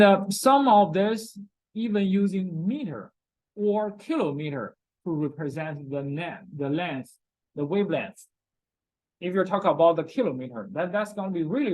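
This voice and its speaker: A medium-pitched, slightly mellow voice belongs to a chemistry lecturer in a recorded class with poor audio. The lecturer keeps repeating key terms, asks "okay?" often, and speaks with non-native grammar.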